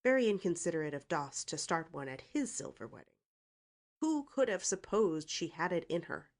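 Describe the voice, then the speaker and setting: Audiobook narrator, woman, low-pitched, expressive delivery. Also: moderate pace. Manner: expressive reading. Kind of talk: scripted narration.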